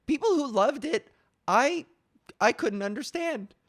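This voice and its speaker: Podcast host, young woman, high lively voice, dry close sound, chatty and animated. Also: unhurried, no room sound. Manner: animated storytelling with frequent laughs and fillers. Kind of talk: casual chat.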